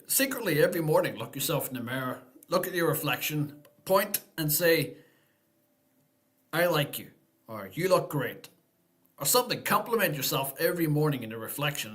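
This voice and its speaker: A man's voice: a little high, fairly bright tone. A man hosting a casual live-stream Q&A, talking in an easygoing, rambling way and thinking aloud.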